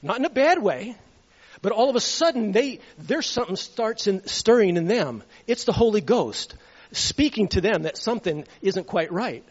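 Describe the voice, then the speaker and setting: A man's voice: high-pitched, sing-song, normal speed, breathy edge. A man giving a rambling sermon testimony, telling stories and chuckling at them. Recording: reverberant hall, dull lo-fi sound.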